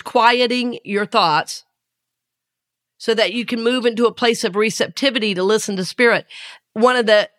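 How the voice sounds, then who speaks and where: Laughing frequently, this Southern-accented woman talks earnestly on her spiritual podcast, where she is host and teacher. Her voice sits on the high side and sounds a bit bright.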